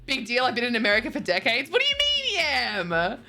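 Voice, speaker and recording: Bubbly woman in her twenties, lively. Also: fairly high pitch, fairly quick. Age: 20s. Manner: bubbly, laughs often, swearing. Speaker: streamer. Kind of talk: casual chat reading viewer messages. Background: faint music.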